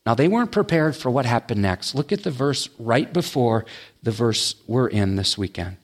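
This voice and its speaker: A male pastor preaching a sermon, dropping low and quiet on his key words. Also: expressive, moderate pace.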